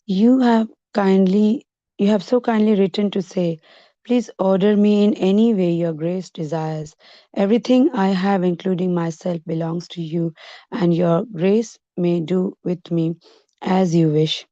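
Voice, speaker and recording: A woman's voice: lowish voice, unhurried, warm tone, no room sound. Woman reading aloud in a dull recording. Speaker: volunteer reader.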